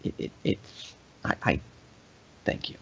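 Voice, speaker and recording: A man's voice: slow pace, a bit bright, muffled recording. A man casually hosting a live stream, reading viewer comments aloud and joking around. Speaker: live stream host answering chat.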